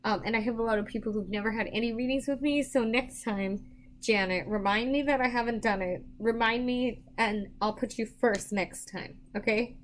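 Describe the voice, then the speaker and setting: A woman's voice: a little high, normal speed, a little hiss or hum. A tired woman doing psychic readings on a live stream, chatting casually with viewers and rambling with many restarts. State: tired, yawning.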